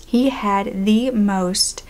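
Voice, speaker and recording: A young woman telling a true-crime story from her childhood to camera in a casual, animated way, sometimes dropping to a hushed whisper at tense moments. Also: mid-range voice, drawn-out words. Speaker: YouTuber.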